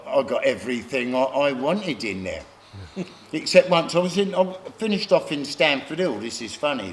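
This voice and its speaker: A middle-aged man, telling rough stories from his life as an interview guest, often laughing and acting out other people. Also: mid-range voice, slight background noise. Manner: gravelly, laughing anecdotes, acts out other voices. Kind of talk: casual storytelling.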